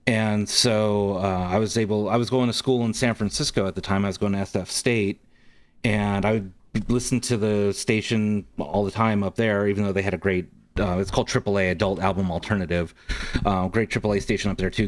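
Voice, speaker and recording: A man's voice: fairly low pitch, steady tone, a little fast. A man guest on a podcast, telling a story casually with many ums and likes. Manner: rambling, frequent ums and likes.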